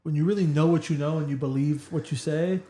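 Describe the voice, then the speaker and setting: Male podcast guest, slightly high voice, earnest and slangy, echoey room. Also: fairly even intonation, fast talker, dark tone. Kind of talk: casual podcast chat.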